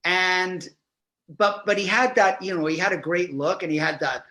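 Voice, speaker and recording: A man, an actor being interviewed, telling anecdotes in a lively, animated way and often laughing. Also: high voice, moderate pace. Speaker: actor guest. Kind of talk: casual interview storytelling.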